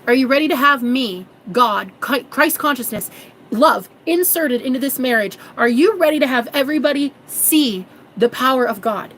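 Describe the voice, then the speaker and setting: A woman's voice: high voice, moderate pace, fairly bright tone, slight background noise. A woman voicing God as a solemn deity who asks grand rhetorical questions.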